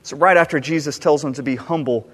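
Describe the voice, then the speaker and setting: A man's voice: fairly high pitch, fast, fairly bright tone, slightly rough, in a large hall. A man preaching a sermon as pastor, earnest and self-examining, asking his listeners rhetorical questions. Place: church sanctuary.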